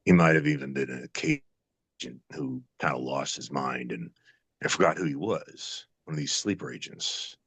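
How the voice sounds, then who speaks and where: A man's voice: rumbling low, animated, moderate pace, vocal fry, a bit bright, breathy edge, no room sound. An older man, an actor guest, musing in a casual interview, rambling with many fillers and restarts.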